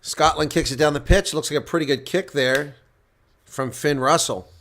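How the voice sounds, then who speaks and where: A man giving live reaction play-by-play commentary on a rugby match, getting loud on big plays and dropping to quiet asides. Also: a little high, normal speed.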